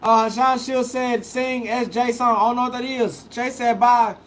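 High-voiced young man reading chat. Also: little pitch movement, normal speed, fairly bright tone, slight background noise. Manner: casual, reads each comment then answers it. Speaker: food vlogger. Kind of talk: live stream chat, reading viewer comments aloud.

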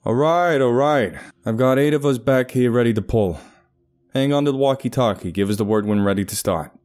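Male narrator as a matter-of-fact rescue boss: plain, warm and low. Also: brisk, close to an everyday voice. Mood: practical. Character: male rescue coordinator, steady and practical.

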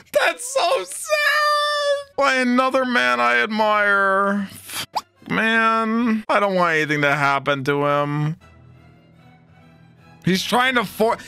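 A young man hosting an anime reaction, talking emotionally and often shouting in excitement. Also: on the high side, smooth, no room sound.

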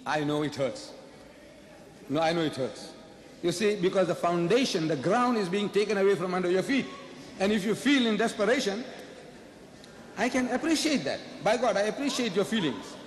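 A man's voice: sits high, animated, normal speed, a little hiss or hum. A man giving a public debate speech, firing off rhetorical questions and repeating his points for emphasis. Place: large lecture hall. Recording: echoey hall with faint ambience.

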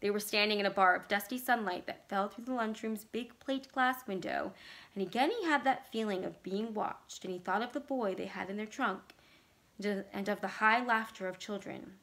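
A woman reads a horror story aloud with a bright, clear voice. Her delivery is measured and expressive, with mid-range pitch for a woman. It sounds like a library read-aloud. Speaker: library staff reader.

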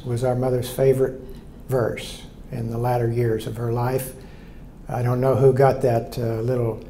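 A man's voice: mid-range voice, dark tone, reverberant, slight background noise. A man in his sixties, a pastor preaching an earnest sermon and telling stories, often repeating key lines.

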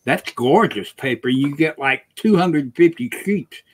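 A man's voice: on the high side, animated, unhurried. Friendly man sharing a tip. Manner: friendly, offers tips. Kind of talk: casual chat.

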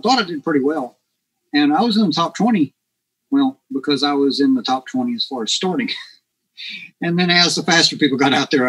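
A man's voice: a little high, breathy edge, poor audio. A man guest on a podcast, telling a story casually and acting out the dialogue with lots of energy. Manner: animated, acts out quoted dialogue.

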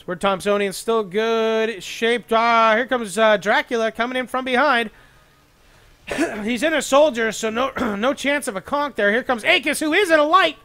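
A young man with a very high, bright and forceful voice calls a video game match on his own. He talks rapidly and excitably, breaking off into self-mocking asides between plays. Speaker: esports caster. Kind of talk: solo play-by-play game commentary.

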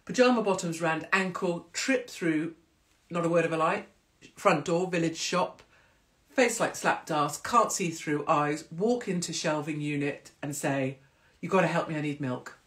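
A woman in her forties, hosting a livestream and chatting casually to viewers, telling animated stories and acting out voices. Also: low-pitched, unhurried. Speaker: livestream host. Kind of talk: casual chat to live viewers.

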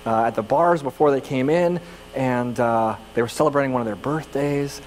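A man's voice: mid-range voice, normal speed, a little mellow, long reverb tail, a little hiss or hum, poor audio. A man from California preaching a sermon as pastor, telling personal stories in a conversational, self-deprecating way with frequent restarts. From California, United States.

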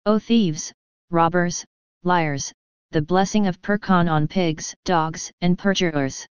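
A woman voicing an Englishman disguised as a mad wandering priest, speaking in a loud, slow, proclaiming way. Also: fairly low pitch, fairly even intonation, smooth, no room sound, muffled recording. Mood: ranting.

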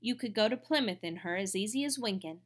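A woman reading aloud and voicing a weather-beaten male boatman with a soft Devon accent and a persuasive manner. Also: mid-range voice, animated, fast, close to an everyday voice.

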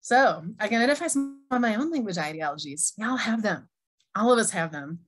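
A middle-aged American woman from Minnesota, an Arabic teacher, gives a conversational online conference keynote and reads audience chat replies aloud. Her medium-pitched voice is lively and a little fast, with music in the background.

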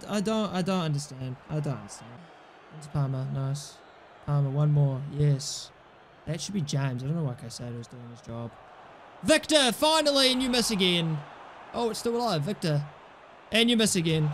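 A man's voice: high voice, fairly bright tone, a little hiss or hum. A young man giving casual commentary over his own gameplay, exasperated and sarcastic, swearing often. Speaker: gaming channel host.

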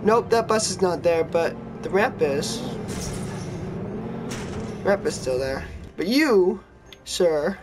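A man's voice: fairly high pitch, slow pace, long pauses, noisy background. A man giving casual commentary over his gameplay, sleepy and yawning as he reads the game's prompts aloud. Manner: chatty, reads in-game text aloud, yawny and relaxed. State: tired, yawning. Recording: game music under the voice.

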